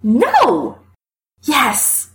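A woman's voice: sits high, wildly swooping pitch, drawn-out words, voice pushed up, heavily acted. A woman voicing a drunk, angry young man who curses and rants. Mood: drunk cursing. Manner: slurred cursing, dramatic outbursts.

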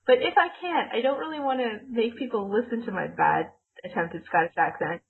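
A woman's voice: on the high side, a little fast, creaky, few pauses. A woman co-hosting a podcast in casual chat, talking in a rambling way with lots of fillers. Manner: chatty, rambling with many "like" fillers. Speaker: podcast co-host. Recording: tinny call line.

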